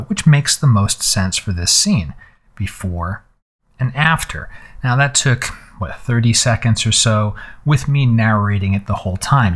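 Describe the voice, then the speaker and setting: A man giving a relaxed, conversational screen-recorded photo editing tutorial, explaining steps as he clicks through them. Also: on the low side. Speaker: photography instructor.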